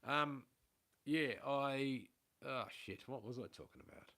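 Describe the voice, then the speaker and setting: A man's voice: mid-range voice, slow, sharp tone. A middle-aged man with an Australian accent talks casually to viewers from his home. He wanders off on tangents, drops casual swear words and admits when he is waffling. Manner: rambling, swears freely, self-aware about waffling. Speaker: livestream host. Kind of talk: casual rambling livestream chat. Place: at home indoors.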